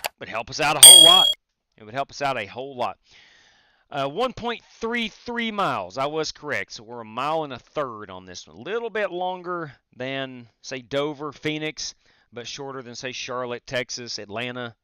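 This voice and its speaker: A man's voice: medium pitch, big pitch swings, normal speed, pushed and bright, smooth, no room sound. A man streaming a sim race, chatting casually and greeting viewers while he drives. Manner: frequent fillers and restarts. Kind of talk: casual live-stream commentary.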